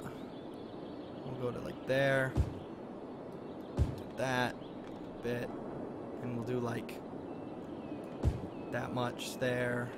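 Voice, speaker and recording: A man's voice: medium pitch, monotone, drawn-out words, long pauses. A man chatting through live-stream gameplay commentary, thinking aloud and gushing with delight as he talks to his viewers. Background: game music.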